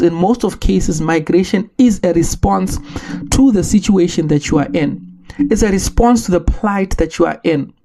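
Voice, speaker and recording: A man from Zimbabwe, hosting a solo podcast and making his case in an earnest, measured way with rhetorical questions. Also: high-pitched, mellow. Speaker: podcast host.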